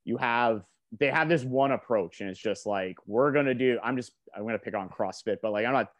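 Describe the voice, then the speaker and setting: A man's voice: on the low side, a little fast, dry recording. A man co-hosting a podcast, joking and rambling with lots of fillers in casual chat.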